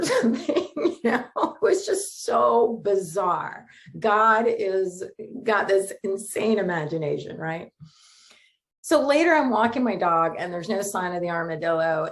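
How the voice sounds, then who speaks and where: A middle-aged woman minister from Florida, giving a chatty, conversational sermon full of stories, fillers and little laughs. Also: mid-range voice. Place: Sunday spiritual gathering streamed online.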